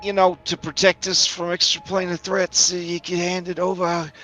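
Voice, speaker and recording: Guy doing a high squeaky panicky stuffed cat noble, stammers, kinda whiny. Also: completely flat delivery, moderate pace, bright, forceful tone, faint music behind. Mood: flustered. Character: reanimated taxidermy cat lord, frantic, whiny.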